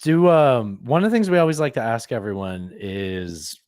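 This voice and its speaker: A man's voice: medium pitch, lively intonation, moderate pace, darkish tone, clean tone, no echo, clean studio sound. A male podcast co-host in casual chat, giving short interjections and prompting questions.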